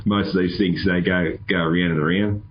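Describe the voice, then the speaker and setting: A man's voice: sits low, steady tone, a little fast, lo-fi sound, slight background noise. A man hosting a casual interview podcast, easygoing and rambling, laughing often. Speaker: podcast host.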